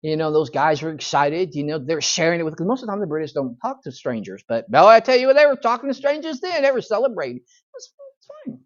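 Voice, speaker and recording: A man's voice: on the high side, sing-song, fast talker, few pauses. A man, a pastor teaching a church Bible study in a folksy, conversational storytelling manner. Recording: dull lo-fi church recording.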